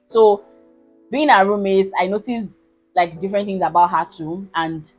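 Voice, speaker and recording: A woman in her twenties with a Nigerian accent, telling a personal story to her viewers in a casual, animated, emphatic way. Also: mid-range voice, moderate pace, faint music behind, poor audio. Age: 20s. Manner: animated, emphatic, keeps asking listeners if they understand. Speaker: vlogger.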